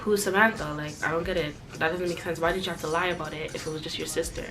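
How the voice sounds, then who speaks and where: Animated, sarcastic young woman vlogger. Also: racing, faint music behind. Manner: animated, sarcastic, jumps high in pitch when outraged; drops low and quiet for asides. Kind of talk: storytime chat.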